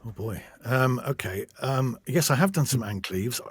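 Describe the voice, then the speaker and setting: English male narrator as guest, husky, modest, stumbling, dry close sound. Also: medium pitch, lively intonation, normal speed, no room sound. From England. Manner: self-deprecating, hesitant, many restarts. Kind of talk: casual interview chat.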